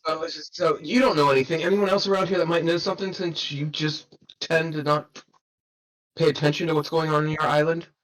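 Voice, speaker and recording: A man at a tabletop game fires off blunt, sweary questions at the game master. His voice sits a bit high for a man. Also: little pitch movement, brisk, a bit bright, rough recording. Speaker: player.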